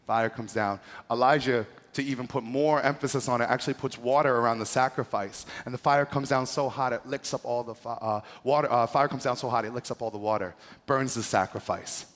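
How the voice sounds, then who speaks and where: A man's voice: mid-range voice, fairly even intonation, moderate pace, a bit bright. A male pastor preaching a sermon in a casual, joking, slangy way. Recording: echoey hall with long reverb.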